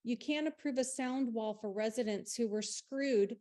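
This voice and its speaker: A woman's voice: on the high side, moderate pace, mellow. A woman giving an angry, blunt public comment at a city council meeting. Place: city council chamber at a podium.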